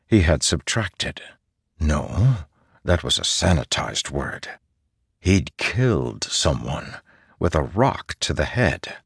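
A man narrating a fantasy story in a measured, expressive way. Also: rumbling low, vocal fry, slightly rough, no echo, clean studio sound. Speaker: audiobook narrator.

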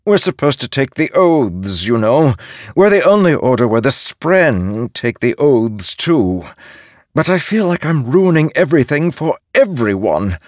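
A man's voice: medium pitch, sing-song, darkish tone, dry recording, studio quality, voice pushed up. A man voicing an insecure male spirit made of stars, who speaks hesitantly and apologetically. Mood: anxious earnest. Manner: hesitant, halting, pleading.

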